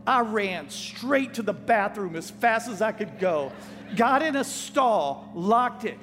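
A pastor telling a story in a folksy, animated sermon style, acting out what people said. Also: male voice, high-pitched, takes it slowly. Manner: folksy, animated, acts out quotes. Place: church sanctuary. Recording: long church hall reverb with faint music.

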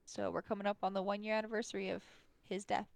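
A woman's voice: mid-range voice, little pitch movement, fast talker, vocal fry, no echo. A woman co-hosting a casual movie podcast, often hesitating and stumbling over names while laughing. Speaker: podcast co-host. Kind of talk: casual chat about a movie.

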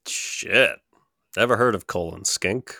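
A young man with a low, bright, forward voice banters through a trivia game, teasing his opponent and laughing as he works out answers. He speaks slowly, and the close recording sounds dry. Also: vocal fry, no echo. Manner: playful trash talk, laughs often, reasons aloud. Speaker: trivia contestant and co-host.

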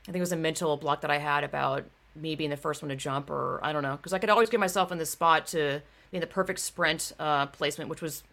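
Woman, ex-racer, bright forceful voice, blunt and profane, casual chat. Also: sits low, quick pace, few pauses. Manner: blunt, swears a lot, gets heated. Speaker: former bike racer. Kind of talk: casual conversation.

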